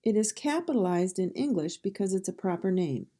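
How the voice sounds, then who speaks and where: A woman with a Midwestern American accent teaching pronunciation, sounding out each phoneme and word carefully in a slow drill. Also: medium pitch, lively intonation, warm tone. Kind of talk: slow instructional speech drill.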